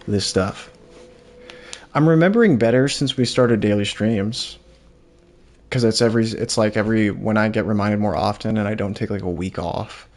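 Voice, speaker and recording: A man's voice: on the low side, moderate pace, a little mellow. A young man chatting casually while streaming a game, rambling and reading chat aloud. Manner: rambling, laid-back, reads chat aloud.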